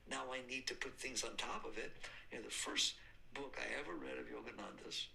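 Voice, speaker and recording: A man's voice: mid-range voice, fairly quick, creaky, sharp tone, slight background noise, rough recording. An older man giving a spiritual talk, emphatic, repeating points and answering his own questions. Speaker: spiritual teacher.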